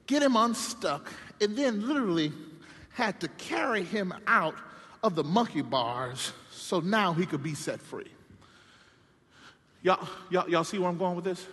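A male pastor preaching a sermon in an animated, repetitive call-and-response manner. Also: sits high, in a large hall.

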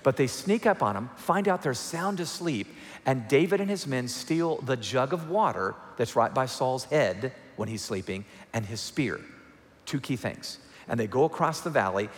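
Pastor preaching in a reverberant hall. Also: male voice, medium pitch, big pitch swings, moderate pace. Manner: conversational storytelling with humorous asides. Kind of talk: sermon. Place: church sanctuary. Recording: long reverb of a large hall.

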